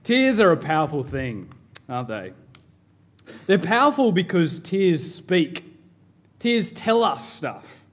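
A man in his thirties, a pastor, preaching a sermon in a measured, emphatic way with rhetorical questions. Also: on the high side, sing-song, a bit bright.

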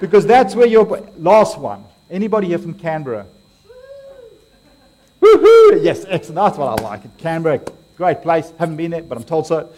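A man's voice: fairly high pitch, fairly quick, mellow, slight background noise. A man with an Australian accent giving a playful, interactive sermon, joking with and quizzing his congregation. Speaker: preacher.

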